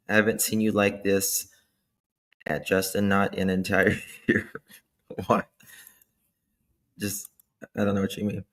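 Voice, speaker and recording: A man hosting a livestream, chatting casually, thanking viewers by name and commenting with animated asides. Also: low-pitched, slightly rough. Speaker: livestream host. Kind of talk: casual true-crime commentary chat.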